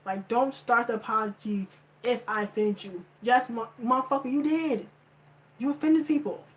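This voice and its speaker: A woman's voice: on the high side, fairly even intonation, normal speed, rough recording. Profane, heated woman vlogger. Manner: blunt, profane, emphatic and repetitive. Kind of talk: heated commentary rant.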